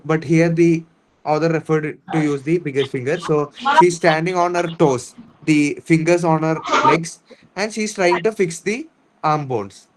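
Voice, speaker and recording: Indian english teacher guy, kinda high voice, goes over every word slow and repeats lots. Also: slight background noise, poor audio. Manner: explains words slowly and repeats, with restarts. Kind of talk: online reading lesson. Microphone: online class.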